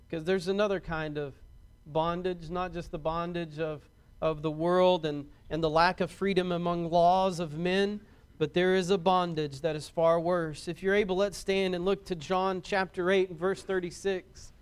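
A pastor preaching a sermon in an earnest, heartfelt manner with emphatic repeats. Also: male voice, high voice, level tone, moderate pace, smooth.

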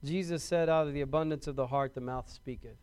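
A man's voice: mid-range voice, fairly even intonation, quick pace, a little mellow, clear, resonant tone. A man preaching a sermon to his congregation in a conversational way, often restarting and repeating words and asking the congregation questions. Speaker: pastor.

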